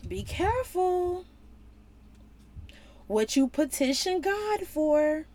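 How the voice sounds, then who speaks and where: A woman giving a casual, slangy Bible lesson in an animated way, slipping into playful voices. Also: high-pitched, takes it slowly. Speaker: Bible teacher.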